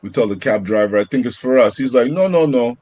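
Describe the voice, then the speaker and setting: Relaxed man, dry close sound. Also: mid-range voice, fast talker, no room sound. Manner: relaxed, slangy, builds a story step by step. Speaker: podcast co-host. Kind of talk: casual storytelling chat.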